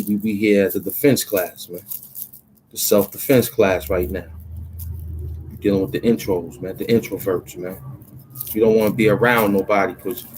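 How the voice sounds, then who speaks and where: A man's voice: fairly low pitch, a little mellow, a little hiss or hum, poor audio. A man, a rapper, talking in a loose, rambling monologue full of street slang and "you know what I'm saying", in a small cramped room.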